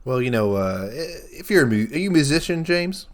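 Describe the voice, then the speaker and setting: A man's voice: fairly high pitch, sing-song, normal speed. A man playing a bumbling young country singer who is a guest on a comedy talk show. He rambles, trails off and fills his speech with uh and you know. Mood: earnest. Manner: rambling, full of fillers and trailing off. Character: bumbling young male country-singer son, earnest and defensive. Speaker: guest musician.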